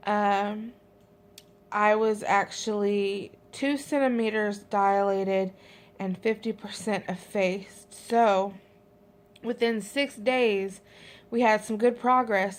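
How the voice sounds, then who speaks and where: A young woman talks through a casual pregnancy vlog update in a chatty, rambling way, full of ums and likes. She is heavily pregnant and a little out of breath, and her voice sits in a middle pitch. Her delivery stays loose and conversational. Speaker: vlogger.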